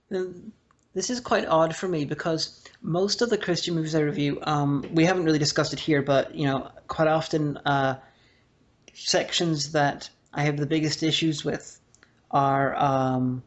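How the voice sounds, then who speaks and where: A podcast speaker discussing a film casually, hesitant with many restarts and fillers. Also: mid-range voice. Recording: dull lo-fi audio.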